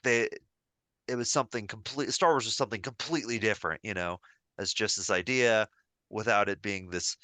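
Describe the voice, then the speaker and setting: A man's voice: fairly low pitch, no echo. A man co-hosting a podcast, retelling a story in casual chat with plenty of fillers. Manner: relaxed storytelling with filler words. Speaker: podcast co-host.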